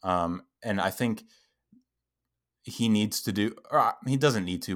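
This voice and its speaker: Co-host, male, deep-voiced, relaxed film-chat delivery, thoughtful with filler ums. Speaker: podcast co-host. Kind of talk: casual film discussion.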